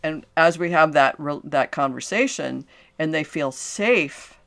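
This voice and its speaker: Older woman coach, earnest and animated. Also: low-pitched, unhurried, vocal fry. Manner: earnest and animated, with frequent restarts and affirming "okay, great". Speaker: transformational coach and podcast host. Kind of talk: solo coaching talk to the camera.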